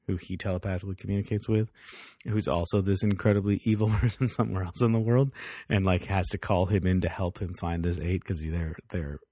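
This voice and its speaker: A man's voice: low voice, warm tone, breathy edge, dry recording, clean studio sound. A man co-hosting a podcast, chatting casually about a TV show, laughing often and acting out the characters' lines. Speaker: podcast co-host. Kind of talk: casual TV review chat.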